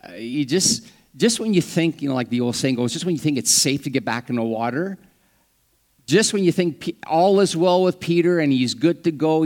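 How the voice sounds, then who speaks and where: A pastor preaches a sermon in a conversational style, adding humorous asides and acting out the lines he quotes with sudden jumps and drops in pitch and volume. His intonation is lively, his speed normal and his tone darkish.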